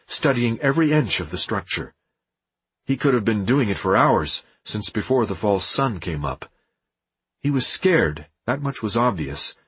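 A man narrating an audiobook in a steady, measured reading with a husky voice. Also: lowish voice, no echo.

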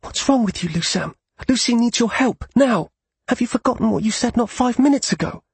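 A man voicing an affectionate but fiery young woman in an audiobook, pleading and sharp when angered. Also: on the high side, steady tone, brisk, creaky, breathy edge, dry recording, pitched above the performer's own voice, full character voice. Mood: angry. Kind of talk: audiobook character voice.

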